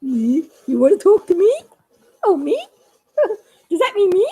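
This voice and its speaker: A woman voicing a friendly, shy male bear puppet who is eager for attention, in a sweet, husky voice. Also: very high-pitched, sing-song, unhurried, mellow, voice pushed up, heavily acted. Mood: bashful.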